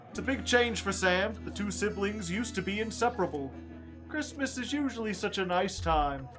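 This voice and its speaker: A man streaming a game, reading its story text aloud in a quiet voice and breaking off for joking asides to chat. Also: a little high.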